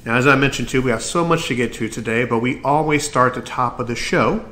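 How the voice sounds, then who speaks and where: A man's voice: medium pitch, a little fast, bright, forceful tone. A man hosting his own podcast, talking earnestly and encouragingly, sometimes tripping over his words. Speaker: podcast host. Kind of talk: solo podcast talk.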